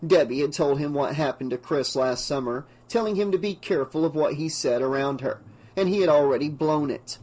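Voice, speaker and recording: A man narrating an audiobook with a steady, measured reading. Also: on the high side. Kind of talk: scripted narration.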